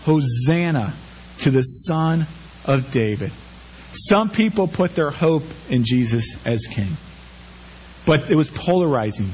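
Man preaching, animated, higher-pitched. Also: dull audio, a little hiss or hum. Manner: animated preaching with rhetorical questions. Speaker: pastor. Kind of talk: sermon.

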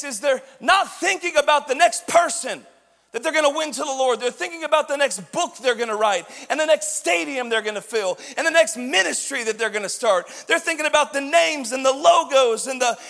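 A male pastor preaching a sermon with passion, shouting and letting his voice rise into a sing-song. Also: very high voice, expressive, normal speed, gravelly, big-room sound.

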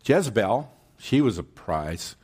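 A man's voice: lowish voice, big pitch swings, unhurried, a little mellow, slightly rough. A man preaching a sermon, retelling a Bible story in a casual way, with asides to the congregation and dramatic jumps in voice when he quotes someone.

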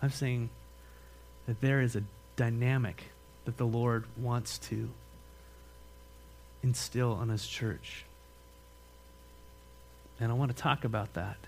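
A man pastor preaching a sermon in a church, speaking emphatically and conversationally with questions to the congregation, then praying softly. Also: medium pitch, steady tone, slow, creaky, pauses often, a little hiss or hum. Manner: drops to a soft, earnest tone in prayer. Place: church sanctuary.

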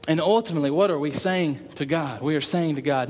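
Man, preacher, earnest sermon, slightly high voice, long hall reverb. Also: brisk, darkish tone. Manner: earnest, repetitive emphasis, acts out prayers in quotes.

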